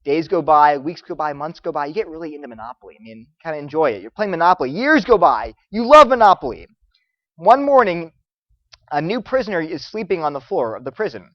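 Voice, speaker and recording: A man lectures students, his pitch leaping up and down as he builds his stories. He slips into the voices of the people he quotes. The sound is dry and close, a little dull and muffled. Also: brisk, no room sound. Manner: animated storytelling, acts out quoted voices. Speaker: Christian apologetics speaker.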